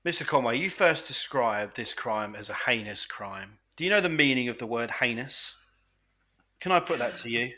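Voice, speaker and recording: Bright-voiced man playing mock lawyer. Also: medium pitch, expressive, moderate pace. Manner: pompous mock-lawyer delivery. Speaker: podcast co-host defending himself in a mock court. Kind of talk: mock courtroom banter.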